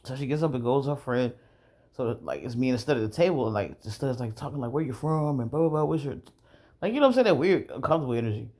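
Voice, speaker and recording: A man vlogger telling a rambling, profane story in a casual monologue, often clearing his throat. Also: medium pitch, animated, fast talker, warm tone.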